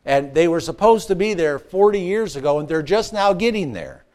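A man preaching a sermon, with playful asides, call-and-response questions, and swings between excited shouts and hushed, earnest passages. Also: a little high, normal speed. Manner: rises to excited shouts, drops to hushed tones. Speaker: pastor.

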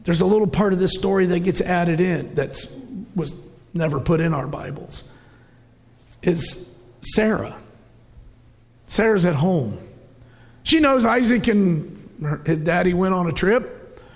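Middle-aged male preacher, high gravelly voice, emotional storyteller, big reverberant church hall. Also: lively intonation, unhurried, pauses often. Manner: storytelling, emotional, rising to shouts. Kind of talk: sermon.

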